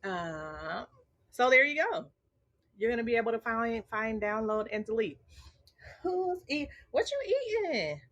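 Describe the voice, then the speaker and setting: A woman's voice: medium pitch, pushed and bright, highs cut off. A woman hosting a casual late-night livestream chat, talking straight to her viewers and laughing often. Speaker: livestream host.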